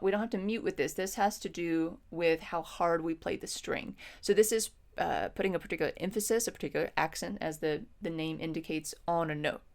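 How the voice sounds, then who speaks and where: A woman music teacher explaining patiently in an instructional lesson, with frequent ums. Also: on the low side.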